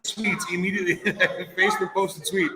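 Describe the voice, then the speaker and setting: A man co-hosting a live sports talk podcast, heated, excitable and full of profanity. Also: high voice, normal speed. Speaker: podcast co-host. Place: brewery release party, indoors. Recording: echoey hall, mic far off, crowd chatter.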